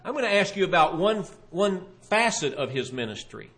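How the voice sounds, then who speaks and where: A man preaching a sermon, retelling a Bible story with animated storytelling and voicing the questioners. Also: sits high, moderate pace.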